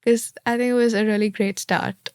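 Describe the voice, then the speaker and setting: A woman's voice: fairly high pitch, fairly even intonation, moderate pace, darkish tone, smooth, no echo, studio quality. Candid young woman from India. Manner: chatty and candid, acts out quoted thoughts. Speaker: interviewee, law graduate. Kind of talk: casual interview answers.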